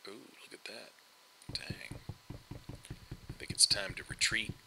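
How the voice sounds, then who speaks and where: A man's voice: fairly low pitch, steady tone, unhurried, creaky, background noise. A middle-aged man chatting casually over gameplay, rambling with lots of fillers and restarts. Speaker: host. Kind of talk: casual game commentary.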